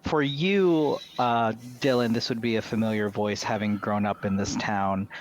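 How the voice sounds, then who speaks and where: A man's voice: lowish voice, fairly even intonation, normal speed, slight background noise. A man narrating as game master of a tabletop game, playful and descriptive.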